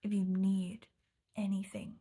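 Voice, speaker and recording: A man's voice: high-pitched, little pitch movement, unhurried, warm tone. A woman voicing a young male venue worker who apologizes with nervous, overly intense earnestness. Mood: apologetic. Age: young adult.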